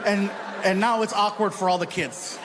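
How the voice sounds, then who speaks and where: A man doing live stand-up storytelling, animated, often shouting and laughing at his own lines. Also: sits high, moderate pace. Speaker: stand-up comedian. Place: comedy stage before an audience. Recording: live show with audience noise.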